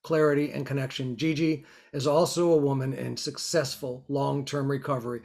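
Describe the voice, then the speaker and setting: A man hosting a conversational interview, with a gravelly, creaky texture to his voice. His voice sits at a mid pitch, and he speaks earnestly and reflectively, often restarting his sentences. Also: little pitch movement, normal speed, a little mellow. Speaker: podcast host. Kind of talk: casual interview chat. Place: New York.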